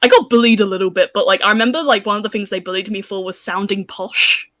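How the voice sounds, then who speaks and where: A woman's voice: mid-range voice, fast, fairly bright tone, no room sound, studio quality. A young woman from England with a London accent, chatting as a VTuber guest with lots of fillers and giggles. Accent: London English. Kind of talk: casual interview chat.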